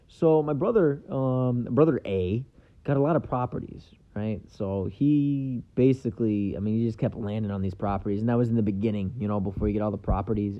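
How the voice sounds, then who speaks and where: A young man with a fairly low voice talks through his solo podcast in loose, wandering chat, swearing without care and filling every gap with ums. The sound is dull and a little lo-fi. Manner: casual, swears, lots of ums. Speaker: podcast host.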